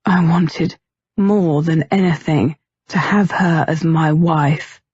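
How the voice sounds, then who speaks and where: A woman's voice: deep voice, steady tone, slow pace, darkish tone, husky, dry recording, lo-fi sound, heavily acted. A woman reading a brooding undead young man. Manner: gloomy, terse, frustrated. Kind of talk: audiobook character reading.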